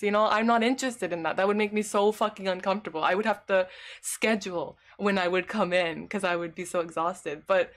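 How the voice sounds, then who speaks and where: A woman's voice: medium pitch, normal speed, fairly bright tone. A woman streamer chatting casually with her live chat. She rambles, fills her talk with "like" and laughs often.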